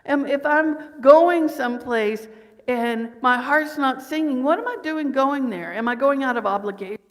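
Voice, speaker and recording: A woman's voice: high-pitched, moderate pace. A middle-aged woman minister giving a conversational sermon, asking her congregation one question after another. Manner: warm conversational preaching with rhetorical questions. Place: church sanctuary. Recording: long hall reverb.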